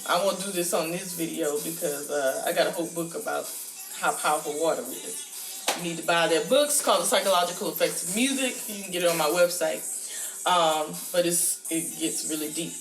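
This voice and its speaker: A woman vlogger telling a spiritual dream story to camera in a casual, animated way, with casual slang. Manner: animated, acts out her panic in a high squeaky voice; casual slang, says "y'all". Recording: roomy echo with faint music behind.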